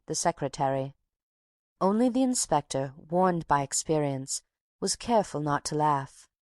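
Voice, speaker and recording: A woman narrating a classic novel as an audiobook in a steady, measured reading. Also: deep voice, no room sound, clean studio sound. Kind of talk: scripted narration.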